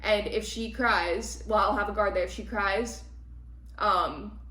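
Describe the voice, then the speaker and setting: A woman's voice: medium pitch, measured pace. Woman recapping a novel in an echoey room. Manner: retells plot in animated run-on recap. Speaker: podcast co-host. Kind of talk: casual book club chat.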